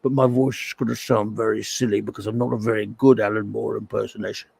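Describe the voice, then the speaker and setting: A man doing a gruff English old grump. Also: lowish voice, level tone, quick pace, a little mellow, voice pushed down, heavily acted. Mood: grumbling. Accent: put-on English. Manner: gruff, grumbling, swears often. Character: grumpy older English male comics writer, cursing.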